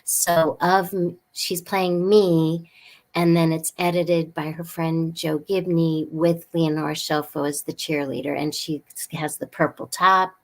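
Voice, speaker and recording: A woman guest on a podcast, chatting in a bubbly, rambling, excitable way. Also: low-pitched, measured pace. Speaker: guest actress. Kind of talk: casual podcast chat.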